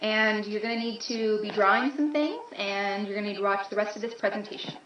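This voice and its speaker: A woman's voice: mid-range voice, fairly quick, highs cut off. A woman teacher giving a recorded lesson, telling a joke and explaining with playful emphasis.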